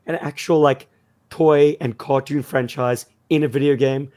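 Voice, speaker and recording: A man co-hosting a podcast in casual chat, with a croaky voice and an enthusiastic storytelling manner. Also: medium pitch, fairly even intonation, a little fast, a little mellow. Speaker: podcast co-host.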